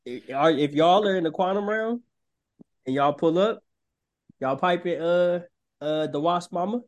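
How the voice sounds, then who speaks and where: A man co-hosting a casual film podcast, joking and quick to laugh as he quizzes his co-hosts. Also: high-pitched. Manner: joking, animated, laughs often. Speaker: podcast co-host. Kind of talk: casual chat.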